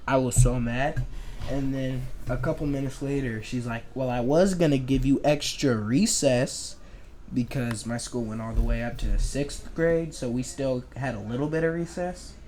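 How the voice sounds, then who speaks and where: Young man, comedic storyteller, chatty, sarcastic, mid pitch. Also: steady tone, moderate pace, a little mellow, slight background noise. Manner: chatty, sarcastic, acts out quoted voices. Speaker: animation storyteller.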